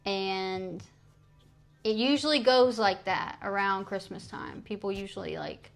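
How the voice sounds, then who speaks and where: Slow-talking chatty woman streamer. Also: mid-range voice, vocal fry, faint music behind. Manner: chatty, self-mocking, repeats practice French phrases. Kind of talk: casual live-stream chat. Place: at home streaming. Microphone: streaming mic.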